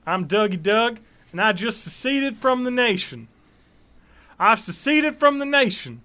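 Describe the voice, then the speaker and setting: A man voicing an angry Texan man who has declared his own nation, ranting loudly in a put-on Texan accent. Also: sits high, big pitch swings, unhurried, pitched above the performer's own voice, exaggerated voice. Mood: indignant. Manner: loud, indignant ranting.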